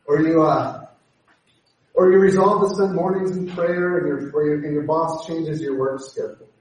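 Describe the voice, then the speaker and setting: A man preaching a sermon, animated and acting out the voices he quotes. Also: a little high, moderate pace. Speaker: pastor. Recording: echoey hall from far off.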